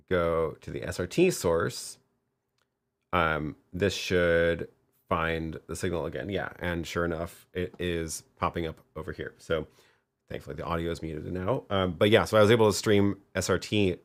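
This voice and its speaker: A man's voice: deep voice, fairly even intonation, moderate pace, fairly bright tone. A man hosting a live tech demo, talking casually as he tries things and thinks aloud. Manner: thinking aloud, trailing off with restarts. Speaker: livestream host demoing video gear.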